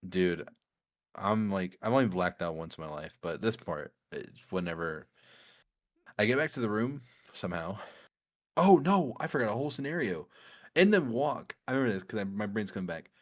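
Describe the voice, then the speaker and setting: A man casually telling a story among friends, animated and laughing often as he goes. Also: on the low side, moderate pace. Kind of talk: casual chat.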